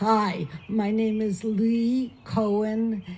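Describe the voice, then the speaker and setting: Slow, mellow woman at a memorial. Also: medium pitch, little pitch movement. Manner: halting, earnest. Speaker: friend giving a eulogy. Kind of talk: memorial speech. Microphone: microphone.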